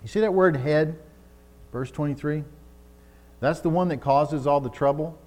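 A man preaching a sermon on marriage, telling vivid stories and building to loud, emphatic exhortation. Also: on the high side, normal speed. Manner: storytelling with acted-out quotes, rising to loud emphatic preaching.

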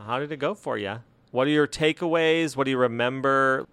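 A man hosting a casual podcast chat, playful and quick to laugh. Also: mid-range voice, fairly bright tone, clear, resonant tone, dry recording. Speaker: podcast host.

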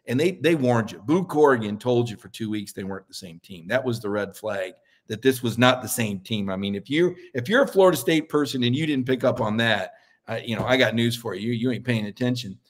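A middle-aged man talks in a mid-pitched voice. He argues his points in a folksy, opinionated way, often restarting a phrase as he gathers steam. The feel is a casual sports debate between two co-hosts. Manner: opinionated, folksy, repeats words when building a point. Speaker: sports columnist and co-host.

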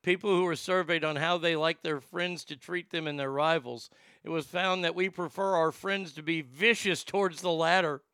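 A man's voice: fairly high pitch, fairly even intonation, moderate pace, bright, forceful tone, smooth, no room sound. A man hosting a comedic talk show, ranting in a profane, sarcastic way into a close studio mic. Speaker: host.

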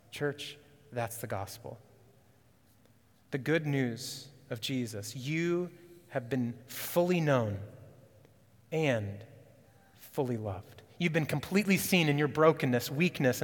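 A man preaching a sermon as pastor, earnest and urgent, rising on questions and dropping low and quiet for emphasis. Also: measured pace, long reverb tail.

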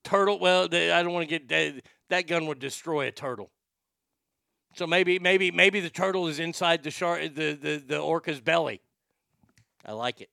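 A man giving crude, excitable casual commentary as he reacts to videos. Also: fairly high pitch, moderate pace, gravelly, no room sound, clean studio sound.

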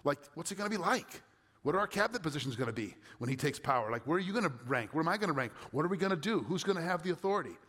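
A man's voice: fairly high pitch, lively intonation, racing, fairly bright tone. A man pastor reading scripture and then preaching a sermon in a conversational way, asking his listeners rhetorical questions. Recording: long hall reverb.

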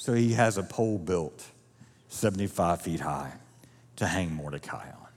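A man's voice: low-pitched, expressive, moderate pace, slightly rough, big-room sound. A male pastor preaching a sermon, retelling a story vividly with casual asides to the congregation. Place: church auditorium.

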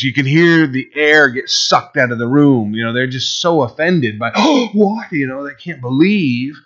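A man's voice: mid-range voice, pushed and bright, muffled recording. A man preaching a sermon in a conversational way, sometimes acting out the voices of Bible figures. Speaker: pastor.

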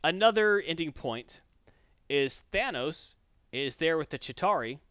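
Animated man rambling on a podcast. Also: on the high side, unhurried, clear, resonant tone, no echo, muffled recording. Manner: animated, rambling, acts out quotes. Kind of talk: casual chat.

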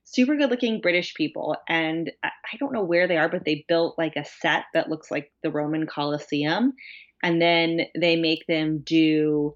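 Woman, podcast co-host, chatty, animated storyteller, low-ish voice, dull lo-fi sound. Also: normal speed. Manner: animated storyteller, laughing, many fillers. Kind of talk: casual chat.

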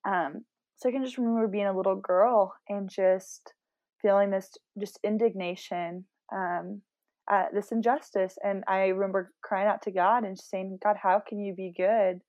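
A woman's voice: mid-range voice, fairly even intonation, moderate pace, a little mellow, muffled recording. A young woman, a podcast guest, talking earnestly and with passion in a rambling, casual interview.

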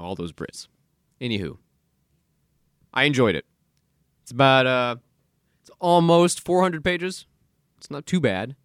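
A man's voice: mid-range voice, smooth, no room sound. A man hosting a solo podcast in a studio, talking casually and sarcastically, ranting and mock-quoting people. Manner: animated, sarcastic, rants and mock-quotes people. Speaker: podcast host. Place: recording studio.

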